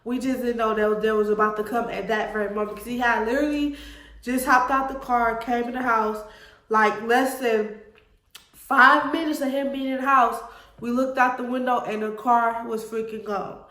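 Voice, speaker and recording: A young woman tells her own story straight to camera, earnest and emotional, calling her viewers y'all. Her voice sits fairly high. The room around her sounds echoey. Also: fairly even intonation, normal speed, fairly bright tone. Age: 20s. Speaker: vlogger.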